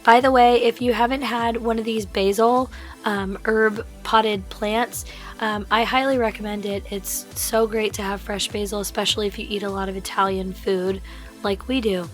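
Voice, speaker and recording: A woman with a raspy voice from laryngitis, chatting through a casual shopping vlog voiceover with lots of fillers. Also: mid-range voice, little pitch movement, moderate pace, soft background music. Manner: chatty, enthusiastic, many fillers. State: hoarse from laryngitis. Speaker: vlogger.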